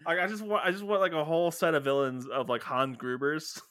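Jokey, higher-voiced male co-host. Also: fairly even intonation, a bit bright, no echo. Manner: jokey, quick banter. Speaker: podcast co-host. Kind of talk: casual podcast chat.

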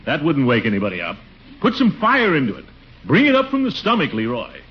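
An actor playing a pompous, blustering middle-aged uncle in an old radio comedy. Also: male voice, wildly swooping pitch, brisk. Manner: pompous, booming. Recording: dull old radio recording.

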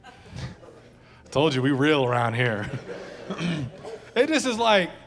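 A man's voice: fairly high pitch, sing-song, slow pace. Joking conversational male pastor, echoey hall. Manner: conversational and joking, with asides to the congregation. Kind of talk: sermon. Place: church service.

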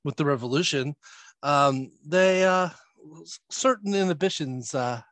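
A podcast host casually recaps a comic series in a slightly high, fairly bright voice, unhurried and free of echo. He rambles, filling his talk with fillers and chuckles.

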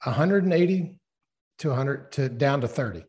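A man's voice: mid-range voice, animated, normal speed, darkish tone. Curious male interviewer, off-mic. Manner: short, curious questions.

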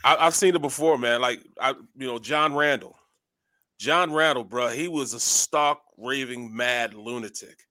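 A man on a sports talk show, an animated storyteller who laughs often and acts out the quotes in his stories. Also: medium pitch, normal speed, no echo. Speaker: co-host, former football lineman. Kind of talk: casual sports radio chat.

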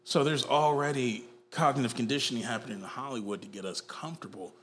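A man co-hosting a podcast, talking casually and getting animated, with playful put-on voices. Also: medium pitch, fast, slight background noise. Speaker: podcast co-host. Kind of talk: casual chat.

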